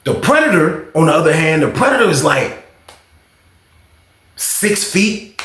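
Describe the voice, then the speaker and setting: Animated man telling a prison story. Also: a little high, a little slow. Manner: lively, acts out quotes with sudden shouts. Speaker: storytime host. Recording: echoey room.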